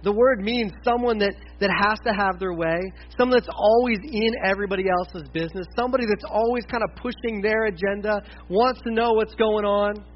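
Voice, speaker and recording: High-voiced man preaching a chatty sermon. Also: fairly quick, few pauses, lo-fi sound. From United States. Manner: conversational and animated, dips to quiet asides. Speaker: pastor.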